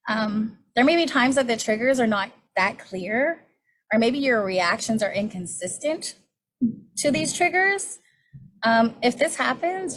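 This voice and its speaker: Candid woman in her forties teaching. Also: on the high side. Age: 40s. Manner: candid, conversational, self-disclosing; asks rhetorical "right?" often. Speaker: class facilitator. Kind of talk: teaching a healing class.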